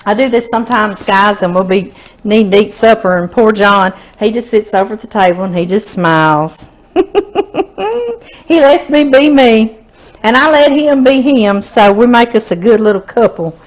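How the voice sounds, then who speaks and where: A woman's voice: mid-range voice, moderate pace. A woman with a Southern US accent, hosting a home cooking video in a chatty, folksy way and savoring the food aloud. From Louisiana, US Southern. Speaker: cooking show host.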